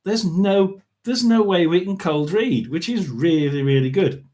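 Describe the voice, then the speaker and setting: A man hosting a casual tarot and spirit box reading. He chats and mutters asides, often clearing his throat. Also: high-pitched, lively intonation, unhurried, a little mellow, slight background noise.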